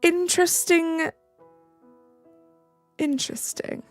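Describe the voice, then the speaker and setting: With a very high, steady voice, a British woman speaks slowly on a live stream, no room sound but faint music in the background. She keeps it chatty, reading out viewers' messages, replying, and thanking them.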